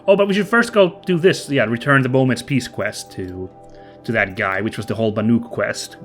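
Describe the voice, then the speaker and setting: A man's voice: medium pitch, normal speed, soft background music. Chatty man with a stuffy nose. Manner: chatty, rambling, upbeat. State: stuffy, slightly nasal from a cold. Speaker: let's play host. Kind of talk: casual gameplay commentary.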